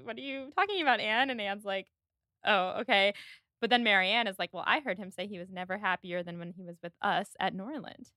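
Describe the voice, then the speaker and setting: A woman's voice: medium pitch, steady tone, a little fast, bright, forceful tone, no echo, studio quality. A woman hosting a podcast, chatting casually as she retells film scenes with lots of "like". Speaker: podcast host. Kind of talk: casual chat recapping a film.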